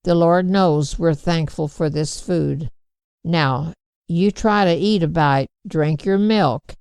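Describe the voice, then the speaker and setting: A gentle, worried farm mother speaking slowly and softly to her child, as a woman reads her part. Her voice is low and gravelly, set in a dry, close recording. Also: no room sound, heavily acted. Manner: gentle, soothing.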